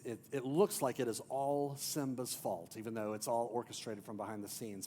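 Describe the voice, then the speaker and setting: A man pastor preaching a sermon as an emphatic storyteller, swinging from loud to near-hushed. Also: medium pitch, slight background noise. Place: church.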